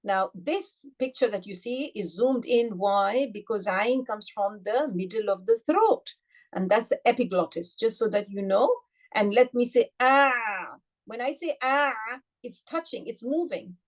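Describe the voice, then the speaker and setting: A woman teaching an online recitation class. She explains patiently, asks her students questions and says sounds slowly, several times over. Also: on the high side, expressive, a little mellow. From United Kingdom. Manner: patient, demonstrates sounds slowly and repeats them; addresses students directly with questions. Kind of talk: online tajweed lesson.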